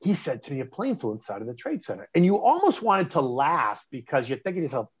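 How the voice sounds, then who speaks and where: A middle-aged man, telling a personal story in conversation, animated and emphatic, often restarting mid-phrase. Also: mid-range voice, fast talker, husky. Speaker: interview guest recounting a personal story. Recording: dull lo-fi sound.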